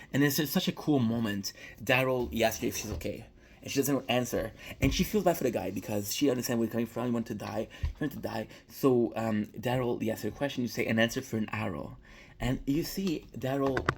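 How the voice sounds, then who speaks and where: A man's voice: medium pitch, creaky, a little hiss or hum. A young man giving a casual, rambling recap of a TV episode, swearing freely and often restarting his sentences. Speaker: show reviewer.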